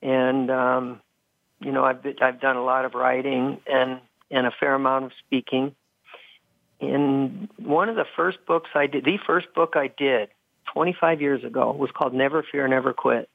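A man's voice: mid-range voice, steady tone, moderate pace, vocal fry, no room sound. A man being interviewed as a guest, speaking thoughtfully with a few restarts. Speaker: guest, coach and former hospital executive. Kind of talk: phone-in interview. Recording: tinny phone line.

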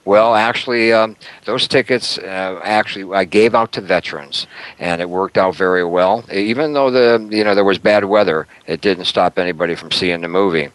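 A man's voice: low voice, moderate pace, fairly bright tone, no room sound, rough recording. Upbeat, chatty man hosting talk radio. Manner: chatty and upbeat, with frequent fillers and little laughs. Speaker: radio talk show host.

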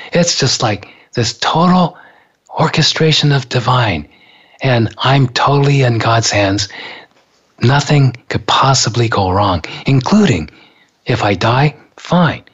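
A man's voice: mid-range voice, breathy edge. An older man casually telling a personal story, laughing often and acting out the people he quotes. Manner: laughing, animated, acts out quoted voices. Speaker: storyteller recounting his heart attack. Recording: dull lo-fi recording.

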